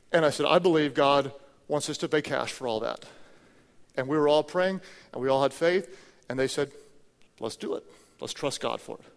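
A man's voice: on the high side, in a large hall. A male pastor preaching a sermon to his congregation, telling stories with energy and humor. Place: large church auditorium.

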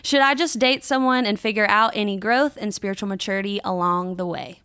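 Smooth-voiced woman in her twenties. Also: mid-range voice, a little fast, pushed and bright, dry recording, studio quality. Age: 20s. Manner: easygoing, laughs along. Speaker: co-host reading listener questions. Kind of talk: casual faith advice chat.

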